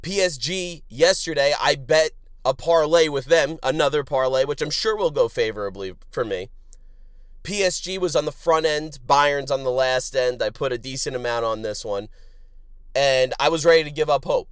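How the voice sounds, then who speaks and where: A man hosting a sports betting podcast, crude and joking, swinging from loud outbursts to low mutters. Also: moderate pace, clear, resonant tone, dry recording, clean studio sound. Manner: animated, swings from shouting to muttering. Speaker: podcast host.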